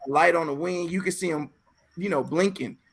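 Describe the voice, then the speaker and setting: A man hosting a casual talk show, telling stories in an animated way, repeating phrases and acting out voices. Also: fairly high pitch, a little fast, a loud crowd. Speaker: podcast host. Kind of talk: casual chat.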